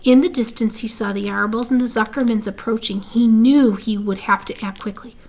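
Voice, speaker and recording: A woman narrating a children's storybook in a clear, measured way. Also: a little high, steady tone, a little mellow. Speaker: reader. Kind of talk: storybook reading.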